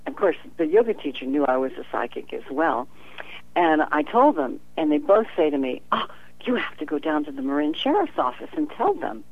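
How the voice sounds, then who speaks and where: Low gravelly woman on a phone line. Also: brisk, no room sound. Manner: animated storyteller, acts out quoted dialogue with frequent laughter. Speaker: professional psychic, guest. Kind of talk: telling a personal story in an interview. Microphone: telephone.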